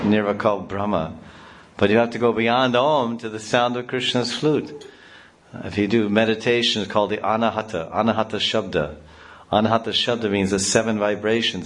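A man with a somewhat low voice delivers a spiritual discourse. He talks in a loose, rambling way, full of restarts. He gets animated and sounds out syllables and noises to make his points. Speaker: spiritual teacher. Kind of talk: devotional discourse.

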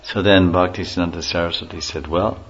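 A man's voice: low voice, fairly even intonation, fairly quick. A man giving an informal spiritual lecture, telling stories with chuckles and acting out the quotes. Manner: storytelling, chuckling, acts out quotes. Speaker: spiritual teacher. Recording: muffled lo-fi recording with faint hiss.

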